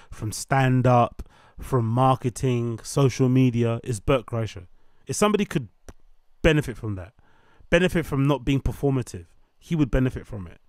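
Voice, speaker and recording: A man's voice: mid-range voice, darkish tone, dry recording, studio quality. A man giving opinionated commentary, ranting and mocking in long repetitive lists.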